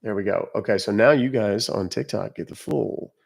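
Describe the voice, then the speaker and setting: A man's voice: on the low side, moderate pace, vocal fry, slightly rough. A man from the United States hosting a casual livestream, chatty and blunt as he answers viewers' chat comments. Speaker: livestream host.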